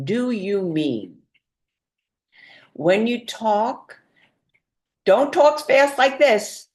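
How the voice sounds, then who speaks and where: A woman's voice: lowish voice, a little mellow. A woman training home health aides in dementia care, explaining patiently with many examples and frequent ums. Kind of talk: instructional training talk.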